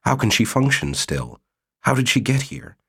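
A man's voice: mid-range voice, big pitch swings, normal speed, vocal fry, a bit bright, slightly rough, dry recording, voice pushed up, heavily acted. A man doing a dry, reluctant colonist. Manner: dry, unconvinced.

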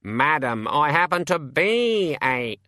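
A man's voice: fairly high pitch, sing-song, slow pace, bright, forceful tone, no room sound, clean studio sound, voice pushed up, exaggerated voice. A man voicing a cheeky, defiant male raven who argues and boasts. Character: cocky, argumentative male talking raven.

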